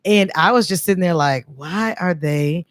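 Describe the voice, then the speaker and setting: A raspy-voiced actress and voiceover artist, telling lively, emphatic stories as a guest in a radio studio interview. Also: female voice, on the low side, normal speed, no room sound. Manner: lively, emphatic, laughs often. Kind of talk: animated storytelling in a radio interview.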